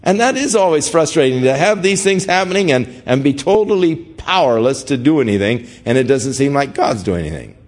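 A man's voice: on the high side, big pitch swings, fairly quick, hardly any pauses. An older man preaching a conversational sermon, acting out the voices of people praying as he quotes them. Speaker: pastor.

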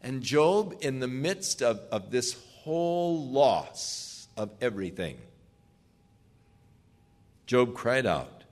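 Slow, lively older male preacher. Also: mid-range voice. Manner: earnest, emphatic, questioning the listeners. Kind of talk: sermon.

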